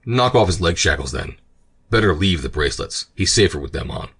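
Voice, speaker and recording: A man voicing a big, gruff pirate quartermaster in an audiobook, giving blunt, curt orders. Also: low-pitched, expressive, a little fast, a bit bright, full character voice. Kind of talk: audiobook character reading.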